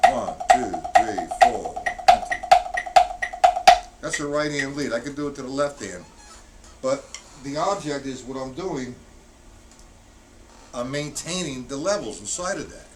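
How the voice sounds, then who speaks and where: A man teaching a drum lesson on a live stream, counting beats out loud and punching the accented ones. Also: medium pitch, normal speed, long pauses, over loud music. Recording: distant mic, loud background noise.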